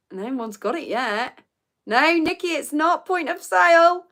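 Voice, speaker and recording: A woman in her thirties hosts a relaxed live quiz, chatting with viewers and reading out their comments. Her voice sits a little high and swings lively up and down. She laughs easily between answers. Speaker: livestream host. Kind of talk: casual live chat quiz.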